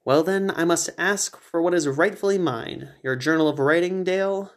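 A man's voice: a little high, moderate pace, voice pushed up, natural voice. A man voicing an eccentric, obsessive male Bigfoot hunter who speaks in a pompous, theatrical way.

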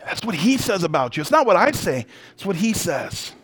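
A male pastor delivers a sermon in a notably high voice. He swings between loud, emphatic declarations and hushed intensity. Along the way he slips into casual, self-deprecating stories. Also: very animated, fairly quick, husky. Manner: conversational storytelling with self-deprecating humor.

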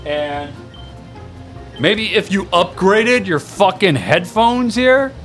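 A man's voice: sits high, lively intonation, slow pace, faint music behind. A young man co-hosting a podcast, teasing his friends in crude, casual banter full of swearing. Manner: loud, teasing, swears a lot. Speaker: podcast co-host.

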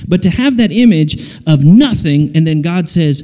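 Man, preacher, playful sermon, swooping high voice, long reverb. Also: moderate pace, hardly any pauses. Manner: animated, jokey, acts out little voices. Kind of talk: lively sermon to a youth audience.

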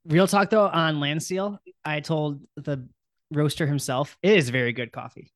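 A man's voice: fairly high pitch, normal speed, fairly bright tone. A man co-hosting a casual podcast, teasing his co-host with joking banter.

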